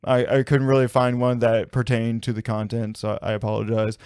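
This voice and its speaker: A man's voice: medium pitch, completely flat delivery, darkish tone, smooth, no room sound, clean studio sound. A man co-hosting a folklore podcast, chatting casually and jokingly and reading narration. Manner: joking, chatty, quick to laugh. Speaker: podcast co-host. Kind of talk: casual chat and scripted narration. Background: faint guitar music.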